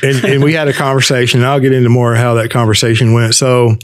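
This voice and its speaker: A man's voice: mid-range voice, little pitch movement, fast, dry recording. Man, podcast host, casual explainer with a joking streak, dry close sound. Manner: joking, talks in long explanatory runs.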